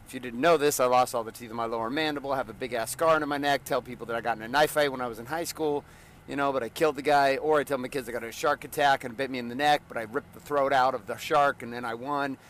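A middle-aged man hosting a motivational podcast as a coach, talking casually with profanity and jokes, and now and then bursting into loud yells. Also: mid-range voice, fairly even intonation, fast talker. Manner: profane, joking, bursts into shouting.

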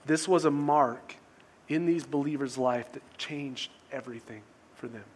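A man's voice: mid-range voice, unhurried, husky. A male pastor preaching a sermon in a casual, conversational way, often restarting phrases and asking rhetorical questions.

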